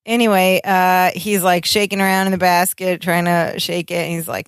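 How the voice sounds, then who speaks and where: A woman's voice: on the low side, flat delivery, normal speed, clean tone, dry recording, studio quality. A woman co-hosting a podcast, chatting casually and laughing often as she recaps a sitcom and acts out its lines. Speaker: podcast co-host.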